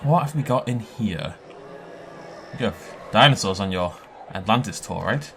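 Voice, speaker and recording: A man giving an excitable, chatty tour of a park built in a game, laughing often as he goes. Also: fairly low pitch, measured pace, a little hiss or hum. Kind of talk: casual gameplay commentary.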